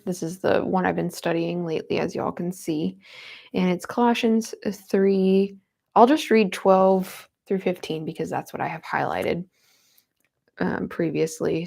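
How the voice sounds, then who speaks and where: Gravelly-voiced woman chatting live. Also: lowish voice, a little mellow. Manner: earnest, tender, greets chat viewers. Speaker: livestream host. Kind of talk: casual heartfelt live chat.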